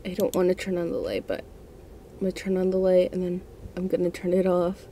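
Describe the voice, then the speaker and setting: A woman's voice: on the low side, monotone, fairly quick, warm tone, a little hiss or hum. Jittery woman narrating a horror game. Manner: jittery, nervous self-talk, repeats herself. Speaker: gaming channel host. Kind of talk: let's-play horror game commentary. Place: her room at home.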